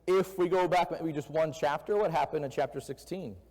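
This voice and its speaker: A man's voice: on the high side, fairly quick, a little mellow. A man preaching a sermon in a conversational way, often putting questions to the congregation. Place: church sanctuary. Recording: echoey church hall.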